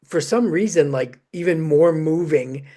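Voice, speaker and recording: A man with a fairly high voice hosts a podcast conversation. He talks chattily, with loose sentences and lots of fillers. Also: unhurried, mellow. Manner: chatty, full of "you know" fillers. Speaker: podcast host.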